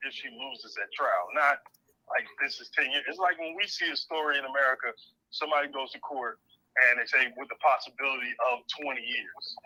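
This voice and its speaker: Man, wry sarcastic panel guest, very bright tense voice, dry phone-line sound. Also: mid-range voice, a little fast, no room sound. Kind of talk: casual debate.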